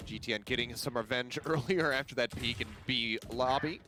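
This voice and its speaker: A man's voice: medium pitch, brisk, bright, forceful tone, slight background noise. A man casting a competitive shooter match, calling the action steadily and analyzing each team's choices. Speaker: esports caster. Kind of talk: play-by-play commentary.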